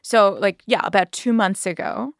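A woman telling a story to podcast hosts in a casual, animated way, laughing as she goes and acting out what people said. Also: mid-range voice, normal speed, vocal fry, dry recording, clean studio sound. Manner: animated, laughs while telling, acts out quotes.

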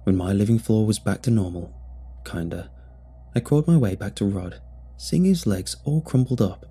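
Brief: man, low warm voice, husky, reading a scary first-person tale. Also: moderate pace. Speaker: storyteller. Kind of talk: first-person horror story narration.

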